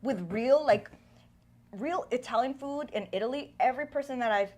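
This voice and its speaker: A woman hosting a casual food chat, chatty and quick to laugh. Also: high-pitched. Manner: chatty, giggly, animated asides. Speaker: host.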